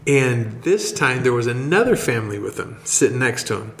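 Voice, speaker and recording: A man co-hosting a podcast, telling a church story in a rambling, halting, excited way. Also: mid-range voice, slight background noise. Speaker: podcast co-host, church member. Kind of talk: casual storytelling chat. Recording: roomy echo.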